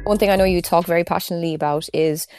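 An Irish woman hosting an interview podcast, speaking earnestly and softly with fillers. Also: fairly low pitch, steady tone, very fast, soft background music. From Ireland, raised in Kildare. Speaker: podcast host. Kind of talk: casual interview conversation.

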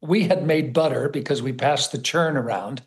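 A man from the United States, a guest sharing memories in an interview, enthusiastic and halting, often repeating words. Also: mid-range voice. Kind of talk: conversational storytelling.

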